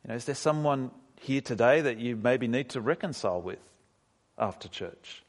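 A male pastor preaching a sermon in a church hall, his voice ranging widely as he jumps up in pitch to stress a point. He keeps asking the congregation rhetorical questions. A long reverb hangs behind every phrase. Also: lively intonation, moderate pace.

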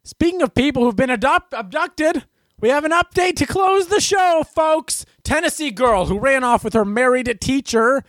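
A man's voice: extremely high pitch, animated, moderate pace, fairly bright tone, no room sound. Guy ranting sarcastically about the news, voice all over the place, super dry close sound. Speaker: host of a news commentary show. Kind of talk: ranting comedic news commentary.

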